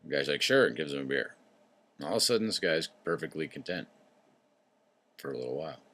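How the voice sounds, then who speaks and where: Low-pitched male host, meandering casual monologue, profane, keeps clearing his throat. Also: lively intonation, fast talker, a bit bright. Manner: wandering, tangent-prone, swears freely, clears throat often. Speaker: show host.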